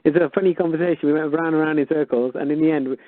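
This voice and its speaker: A man's voice: a little high, quick pace, dry recording. Wry man on a phone line. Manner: wry, incredulous, animated retelling. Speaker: caller. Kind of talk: phone-in storytelling. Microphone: telephone. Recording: tinny dry phone line.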